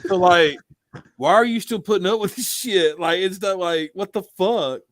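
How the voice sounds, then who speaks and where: A man co-hosting a casual podcast who talks loudly and swears constantly as he tells stories. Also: high voice, normal speed, no room sound. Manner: loud, profane, animated storytelling. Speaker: podcast co-host. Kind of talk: casual chat.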